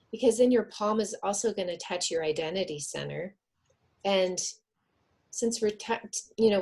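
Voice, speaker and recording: A woman on a video call, talking earnestly and then coaching a group through slow counted breathing. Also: fairly low pitch, gravelly, husky. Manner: soft, earnest, counts slowly. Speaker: wellness speaker.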